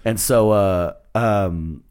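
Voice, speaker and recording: A man's voice: lowish voice, extremely slow, clear, resonant tone. Profane, laughing male stand-up comic. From Texas. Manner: profane, laughing, animated retelling. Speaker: guest comedian. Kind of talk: casual podcast storytelling.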